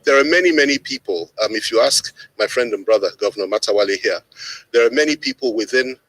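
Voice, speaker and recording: A man's voice: fairly low pitch, lively intonation, fast talker, a bit bright, dry recording, poor audio. A man with a Nigerian English accent giving a press statement as a politician, emphatic and repeating phrases for stress.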